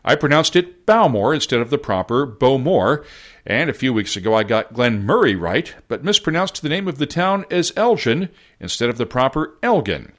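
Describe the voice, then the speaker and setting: A man's voice: mid-range voice, expressive, a little fast, hardly any pauses, a bit bright. A man from the United States hosting a podcast, reading a script in a wry, self-deprecating way. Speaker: podcast host.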